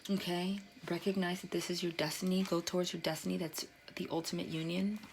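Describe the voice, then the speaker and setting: Gravelly-voiced excitable woman tarot reader. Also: lowish voice, fairly quick, slight background noise. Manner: excitable, swearing, breaks into exclamations. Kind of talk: casual tarot reading to camera.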